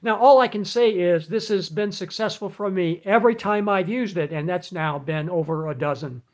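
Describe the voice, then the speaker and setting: A man giving casual advice in an animated, chatty way, laughing at his own jokes. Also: high voice, moderate pace. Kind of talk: casual talk to camera.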